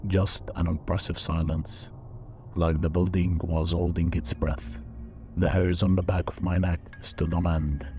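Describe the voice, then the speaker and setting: Slow deep-voiced man narrating horror. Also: warm tone, a little hiss or hum. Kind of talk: scripted first-person horror narration.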